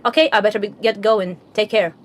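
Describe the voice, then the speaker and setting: A woman reading the lines of a calm, gentle male game hero in a soft, steady, measured way. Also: mid-range voice, background noise, pitched below the performer's own voice, close to an everyday voice. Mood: tender.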